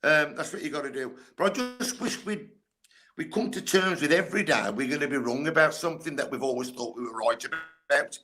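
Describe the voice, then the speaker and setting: A man's voice: on the high side, animated, a little fast. An older man, a guest sports coach telling blunt, candid stories and swearing freely. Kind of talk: candid storytelling chat.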